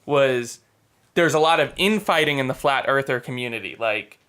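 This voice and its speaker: A man's voice: medium pitch, expressive, normal speed, fairly bright tone, clean tone. A man hosting a casual podcast chat, telling stories in an eager, rambling way. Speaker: podcast host.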